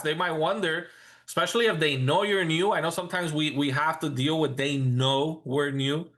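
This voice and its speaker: A man's voice: fairly high pitch, sharp tone. A man coaching new real estate agents in a casual, loose way, often restarting phrases and acting out client talk. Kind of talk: training session for agents.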